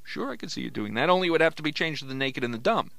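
A man's voice: on the high side, very animated, very fast, creaky, pushed and bright. A man hosting a comedy podcast as a ventriloquist, joking and punning as the straight man to his dummy.

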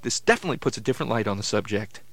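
A quick-talking man with a lively, bouncing voice banters through a comedy sketch. He sounds playful and mock-helpful, recorded close and dry. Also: lowish voice, no echo.

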